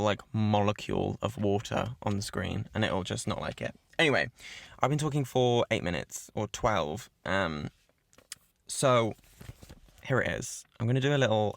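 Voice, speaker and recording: Excitable sweary guy podcasting. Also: lowish voice, gravelly. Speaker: podcast host. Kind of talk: casual solo podcast chat. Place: cabin in the woods.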